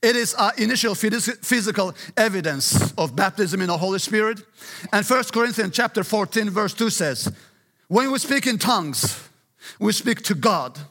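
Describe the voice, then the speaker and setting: A man's voice: sits high, expressive, normal speed, pushed and bright, in a large hall. A middle-aged male pastor preaching an emphatic sermon, often urging listen and praise God.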